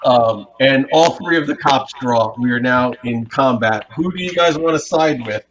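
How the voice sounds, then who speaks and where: A man's voice: mid-range voice, moderate pace, fairly bright tone. A man running a tabletop game as game master, narrating hesitantly with many fillers. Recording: muffled, faint hiss.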